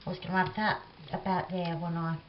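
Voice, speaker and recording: A woman's voice: fairly low pitch, level tone, fairly quick, muffled recording, slight background noise. A woman with a Cockney accent, chatting casually and rambling through stories with many fillers while she makes a craft project at home. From England. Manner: rambling and chatty, lots of "like" fillers, laughs often. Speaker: craft vlogger. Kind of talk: chatty crafting vlog, reminiscing while working. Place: home kitchen craft table.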